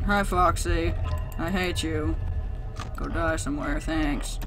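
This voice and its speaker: A gaming channel host with a low-pitched voice speaks slowly over loud music during horror game commentary. Into her desk mic she's sarcastic, talking back to the characters, then screaming when jump scares hit.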